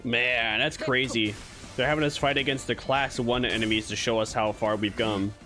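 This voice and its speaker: A man's voice: mid-range voice, fairly even intonation, moderate pace, sharp tone. A man casually commenting on his gameplay as a streamer, playful and rambling, laughing and chatting with viewers. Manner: playful, rambling, laughs often, talks to chat. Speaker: VTuber streamer. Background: game music and game character voices.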